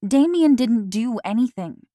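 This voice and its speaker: A woman's voice: mid-range voice, lively intonation, moderate pace, a little mellow, dry recording, clean studio sound, natural voice. A woman voicing a loyal teenage girl who talks in an insistent, raised and urgent way. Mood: heated.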